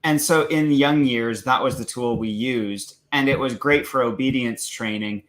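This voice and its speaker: A man's voice: medium pitch, a little slow, a bit bright. Earnest explaining father. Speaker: co-host, parent. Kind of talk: casual parenting talk.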